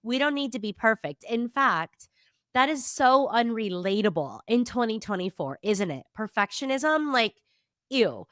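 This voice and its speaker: A woman's voice: on the high side, animated, unhurried, fairly bright tone, no room sound, studio quality. A woman in her thirties hosting a motivational podcast, her voice nasal and stuffy from allergies, upbeat and emphatic. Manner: upbeat, emphatic, casually swears. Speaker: podcast host and therapist.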